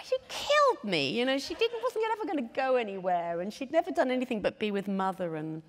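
A woman with a slightly high, lively voice talks as a guest on stage. She is animated and breaks into laughter often. Her voice carries a long hall reverb. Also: brisk. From England. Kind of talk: onstage interview chat.

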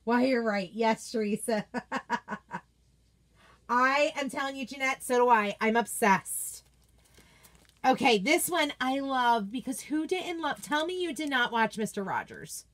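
An enthusiastic woman hosts a casual unboxing chat from her home office. She gushes over each item and answers her viewers in a chatty, excited way. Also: fairly high pitch, slow. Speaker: craft product seller and video host.

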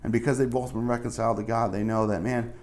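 A man's voice: medium pitch, flat delivery, fast talker, darkish tone. A male pastor giving a casual, conversational sermon, full of asides and fillers.

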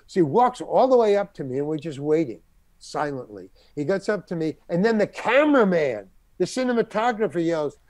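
A man's voice: on the high side, brisk, dry recording. An older man, a guest on an interview show, telling a long anecdote and acting out the people in it. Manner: animated storyteller who acts out the people in his story.

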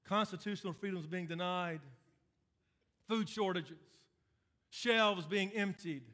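A man's voice: high-pitched, slow pace, sharp tone. A man preaching a sermon as pastor, building points through emphatic repetition and dry sarcasm.

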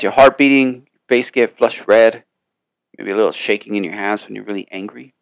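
A man's voice: fairly low pitch, fairly quick, gravelly, no echo. Profane, rambling male podcast host. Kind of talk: casual motivational monologue.

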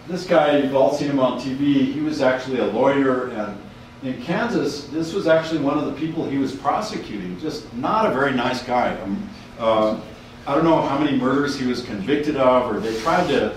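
A man lectures about slides in a loose, halting way, restarting his sentences often. He is picked up from afar in a very echoey room, with faint room noise behind. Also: medium pitch, recorded from a distance. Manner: rambling, hesitant, many restarts. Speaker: university professor giving a talk.

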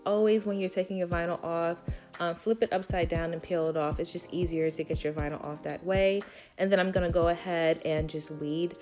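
A woman's voice: lowish voice, steady tone, fairly quick, a little mellow, soft background music. A woman with a Brooklyn accent giving a chatty, step-by-step DIY tutorial voice-over with frequent ums. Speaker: DIY vlogger.

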